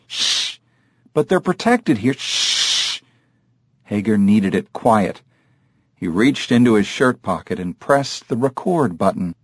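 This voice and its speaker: A man narrating a novel in a measured storytelling voice. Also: lowish voice, darkish tone, no echo, studio quality. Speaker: audiobook narrator. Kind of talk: scripted narration.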